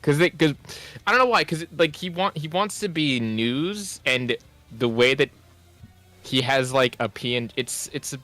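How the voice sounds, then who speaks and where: A man's voice: medium pitch, lively intonation, a little slow, bright, forceful tone, no room sound, soft background music. A man who works as a video editor, chatting casually on a stream and rambling as he loses his train of thought. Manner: rambling, trailing off.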